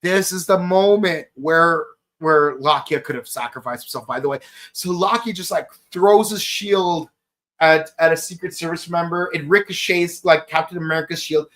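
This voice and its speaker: A man in his thirties hosting a podcast, gushing through an excited solo review with many fillers and exclamations. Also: on the high side, moderate pace. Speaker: podcast host reviewing an episode.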